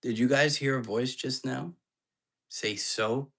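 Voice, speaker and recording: A man hosts a casual livestream from an apartment at night. His voice sits at an ordinary middle pitch, and he talks in a chatty, jumpy way straight to his viewers. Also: steady tone, slow pace, creaky, fairly bright tone. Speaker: live-stream ghost hunter host. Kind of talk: casual live-stream chat.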